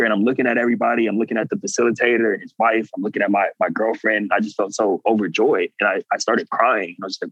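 A man's voice: on the low side, fast, dry recording, muffled recording. A man guest telling a personal story earnestly, acting out what people said. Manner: animated, earnest, acts out quotes. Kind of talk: casual storytelling.

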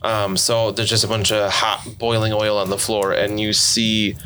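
A man's voice: on the low side, moderate pace, a little hiss or hum. Laid-back man running a tabletop game. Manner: relaxed, loose narration with many fillers. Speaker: game master.

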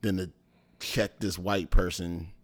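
A very deep-voiced man chatting casually in as a podcast co-host. He talks through his opinions reflectively, with lots of filler words. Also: fairly even intonation, takes it slowly. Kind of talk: casual chat.

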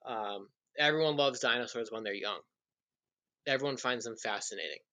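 A man's voice: medium pitch, normal speed, pushed and bright. A young man in casual chat, explaining things with eager enthusiasm. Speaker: podcast guest.

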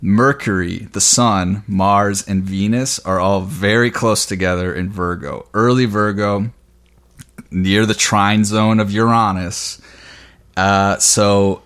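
A man's voice: on the low side, takes it slowly. Casual, slightly breathless man astrologer. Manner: casual, excited, rambling with fillers. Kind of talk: weekly astrology forecast.

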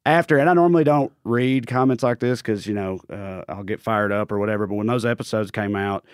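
A man's voice: lowish voice, brisk, clear, resonant tone, no room sound, studio quality. A man with a Tennessee Southern accent, a guest comedian chatting on a podcast, telling stories in a wry, self-deprecating way. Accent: East Tennessee Southern. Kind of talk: casual podcast chat.

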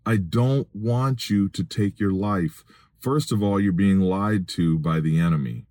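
A man's voice: deep voice, unhurried, dark tone, dry recording, studio quality. A middle-aged man hosting a Christian podcast from his vehicle, preaching in an earnest, pleading way and raising his voice for emphasis. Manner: earnest, pleading, rises to raised emphatic appeals. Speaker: podcast host and Christian minister.

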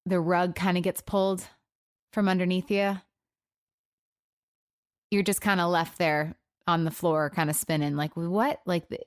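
A woman hosting her own podcast alone, speaking in an emotional, subdued way, halting, with many fillers and restarts. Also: fairly low pitch, flat delivery, no echo, clean studio sound. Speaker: podcast host. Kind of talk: personal solo podcast talk.

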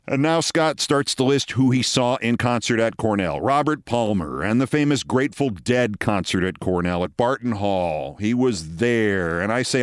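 A man in his sixties, a host telling a long story in a wry, deliberate way. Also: medium pitch, lively intonation, no room sound, studio quality. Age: 60s. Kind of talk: storytelling monologue.

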